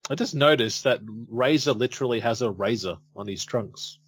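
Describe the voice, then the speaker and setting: A man's voice: medium pitch, moderate pace, slightly rough, no echo. A man in his thirties co-hosting a wrestling watch-along, easygoing and self-deprecating, laughing often. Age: 30s. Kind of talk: casual chat.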